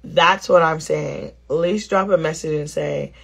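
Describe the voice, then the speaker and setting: A woman's voice: sits low, steady tone, a little slow, gravelly, husky. A woman vlogger chatting casually and expressively straight to her viewers. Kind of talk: casual vlog chat to viewers.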